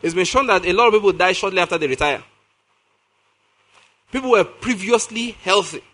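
A man delivers a sermon in a high, bright voice that carries an edge of tension. He reads scripture slowly and deliberately. He turns often to his listeners with questions. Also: lively intonation. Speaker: preacher.

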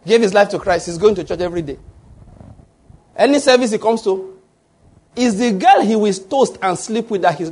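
A man's voice: high voice, moderate pace, long pauses, darkish tone, husky. A man preaching a sermon, often asking the congregation fill-in-the-blank questions. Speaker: pastor.

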